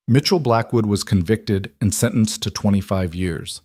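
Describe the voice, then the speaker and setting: A man with a low voice narrates a story in a steady, measured read. The sound is dry and close, with no room around it. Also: no echo.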